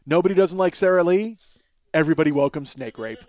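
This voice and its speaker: A man in his forties hosts a comedy podcast in a fairly high voice. He rambles through absurd running gags, laughing at his own jokes between loud bursts. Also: fast. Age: 40s.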